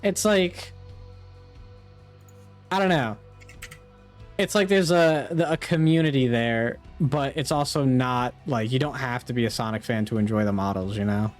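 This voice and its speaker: A man's voice: medium pitch, fairly even intonation, measured pace, pauses often, faint music behind. Chatty upbeat man streaming a game. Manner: chatty, upbeat, laughs often. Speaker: streamer hosting a gaming stream. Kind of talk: casual chat while gaming.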